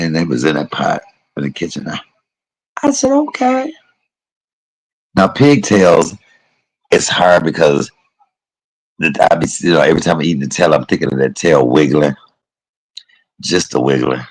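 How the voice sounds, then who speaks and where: A man's voice: a bass voice, vocal fry, husky, rough recording. A man chatting casually and rambling on a livestream, calling his viewers y'all and baby. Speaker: live streamer.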